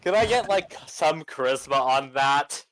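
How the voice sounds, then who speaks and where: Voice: medium pitch, animated, measured pace, fairly bright tone, low-quality recording. A player at a tabletop game, chatting casually with dry jokes. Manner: dry, joking.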